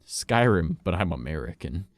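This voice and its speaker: A man's voice: low-pitched, sing-song, normal speed, dry recording, clean studio sound. A man streaming live, chatting casually with viewers in a rambling way, swearing and laughing often.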